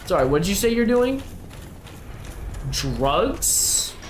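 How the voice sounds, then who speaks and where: A man's voice: high-pitched, sing-song, slow, slight background noise. A man live-streaming a video game, chatting with viewers and teasing them and the game in a playful way.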